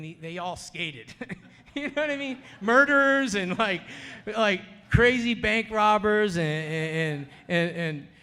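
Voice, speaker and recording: Man sharing testimony, storytelling, slightly high voice, reverberant hall. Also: bright, forceful tone, clean tone. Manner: storytelling, acts out quoted voices, laughs often. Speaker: speaker sharing his testimony. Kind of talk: animated personal testimony. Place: conference hall.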